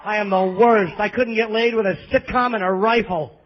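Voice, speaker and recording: A stand-up comedian with a New York accent performs a crude, self-deprecating set at a live club, caught on a muffled bootleg audience tape with a little hiss or hum. His voice sits high, with a steady tone at normal speed.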